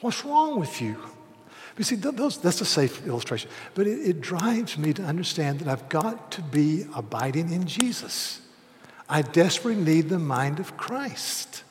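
A man in his sixties preaching a sermon, telling a self-deprecating story, dropping to hushed asides and rising to loud, emphatic peaks. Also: on the high side, very animated, moderate pace, slight background noise. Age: 60s. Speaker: pastor. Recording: long hall reverb.

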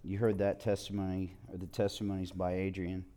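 A man's voice: sits low, little pitch movement, fairly quick, mellow. A man teaching a church group in an earnest, partly read-out way.

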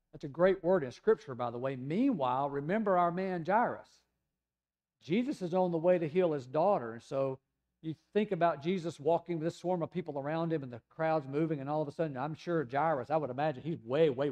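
A man from the United States preaching a sermon in a conversational storytelling way, sometimes dropping to a soft, hushed voice. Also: fairly high pitch. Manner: conversational storytelling, acting out voices of people in the scripture passage; drops to a soft, hushed voice in tender passages. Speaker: pastor.

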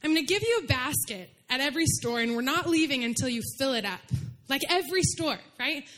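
A young woman with a high voice gives a casual sermon in church. She tells stories in a chatty way, filling her talk with "like" and laughing easily. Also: animated, brisk, fairly bright tone. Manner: chatty, full of "like", laughs while telling stories. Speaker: preacher.

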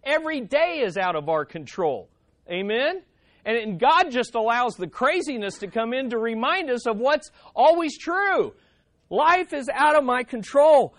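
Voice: mid-range voice, fairly bright tone, dry recording. A pastor preaching a sermon on a psalm, emphatic, repeating key phrases and calling for amens.

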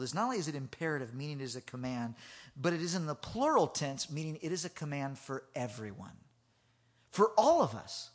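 A man preaching a sermon, telling a funny personal story in an animated way, laughing often and restarting his sentences. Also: on the high side, brisk. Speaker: pastor.

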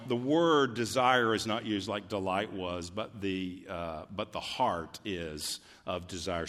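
A man's voice: fairly low pitch, fairly bright tone. A man preaching a sermon as a pastor, reading scripture aloud and rising into fervent emphasis. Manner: deliberate, building to fervent emphasis. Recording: reverberant hall.

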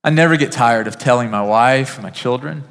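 A male pastor preaching to his church in an earnest, personal manner, calling out listeners by name. His mid-pitched voice swells to emphatic peaks and then falls quiet. The sound carries a long reverb from a large sanctuary. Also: normal speed, creaky, smooth. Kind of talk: sermon.

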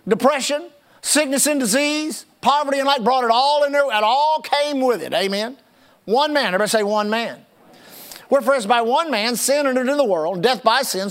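A man's voice: very high voice, a bit bright. A man preaching a sermon, reading scripture aloud and calling out to the congregation. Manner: preaching with call-outs to the congregation. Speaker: pastor.

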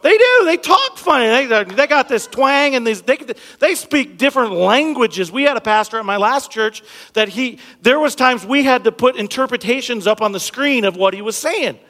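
A man in his thirties preaches from a church stage, mixing jokes and chatty asides with the congregation. His voice sits high for a man and he leans hard on key words. A long reverb from the big hall trails behind every phrase. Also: expressive, normal speed, hardly any pauses, bright, forceful tone. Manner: conversational and humorous, jokes with the congregation; emphatic, punching key words. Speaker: pastor. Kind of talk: sermon. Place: church sanctuary stage under bright lights.

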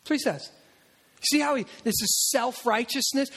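A man delivers a sermon with a strikingly high voice. He talks to the congregation in a loose, conversational way, tossing in asides and acting out little quotes as he goes. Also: normal speed. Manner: animated, conversational preaching with asides and acted-out quotes. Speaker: preacher.

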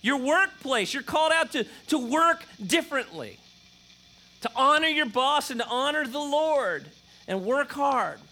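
Emphatic preaching man, high bright voice. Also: expressive, measured pace. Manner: emphatic, repetitive preaching with frequent "okay?" check-ins. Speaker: pastor. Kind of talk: sermon.

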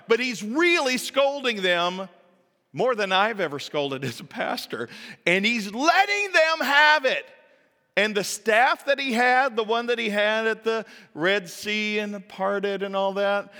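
Male pastor, sermon, lively storyteller, bright and forceful, echoing sanctuary. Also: high-pitched. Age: adult parent. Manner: animated storytelling that acts out quoted voices; casual, chatty asides to the audience. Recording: reverberant hall.

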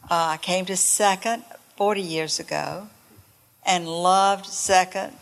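Slow older woman. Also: on the low side, steady tone, gravelly. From North Carolina. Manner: slow, sincere. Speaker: church member giving testimony. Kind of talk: personal testimony.

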